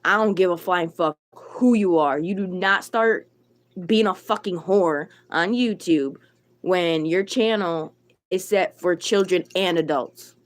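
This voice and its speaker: Speaking in a lowish, unhurried voice, a woman livestreamer rants at her chat. She's blunt and irritated, swears a lot, and answers viewers by name.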